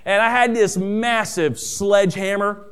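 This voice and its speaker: A middle-aged man preaching a sermon who tells stories, calls his listeners family, and rises in pitch and volume on key points. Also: steady tone, unhurried, a bit bright, smooth. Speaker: pastor.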